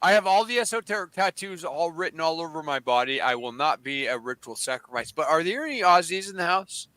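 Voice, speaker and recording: High-voiced loud joking American man. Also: expressive, fairly quick, no echo. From United States. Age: 40s. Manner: loud, crude joking banter. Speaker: stream guest. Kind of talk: casual chat.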